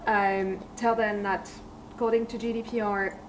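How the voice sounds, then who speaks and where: A woman's voice: mid-range voice, level tone, moderate pace. A woman who manages a sales team, speaking in a firm, direct way as she gives her team's rules. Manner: firm and direct, giving instructions. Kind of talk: casual discussion. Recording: distant mic with clear background noise.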